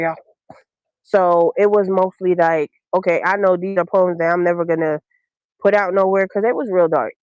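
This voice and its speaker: A woman from Brooklyn, hosting a podcast and telling a personal story in a candid, slangy, unhurried way with many ums. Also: on the low side, dry recording, lo-fi sound. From Brooklyn, New York. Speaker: podcast host.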